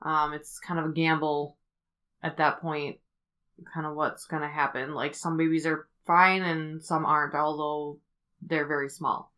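A woman hosting a podcast, telling a story in a casual, rambling way with many fillers as she thinks out loud. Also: deep voice, flat delivery, measured pace. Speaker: podcast host.

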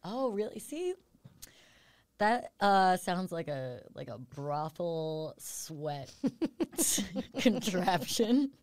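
A woman host in a casual podcast chat, cracking crude jokes between laughs. Her voice sits a bit low. She's drinking and snacking, and the sound is dry and close. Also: big pitch swings, extremely slow, no echo. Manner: joking, crude quips, laughs often.

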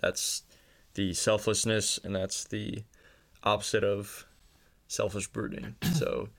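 A man speaks as a guest on a faith podcast. His voice sits low and carries a gravelly fry. He talks in a measured, earnest way. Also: little pitch movement, a bit bright. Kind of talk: casual faith podcast chat.

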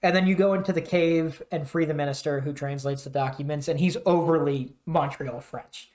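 A man's voice: a little high, fairly even intonation, normal speed, a little mellow. A man co-hosting a podcast, casually rambling through a game's story and acting out bits of it. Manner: rambling retelling with acted-out quotes. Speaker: podcast co-host. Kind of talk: casual game discussion.

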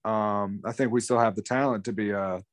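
A man's voice: on the low side, steady tone, a little fast, dry recording. A young man co-hosting a casual sports podcast, rambling in a frustrated tone and swearing now and then. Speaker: podcast co-host.

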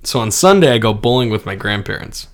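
A man's voice: lowish voice, a little fast. A young man telling a story with lots of laughs on a casual podcast. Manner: animated, laughs often, lots of "like" and "dude". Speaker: podcast co-host.

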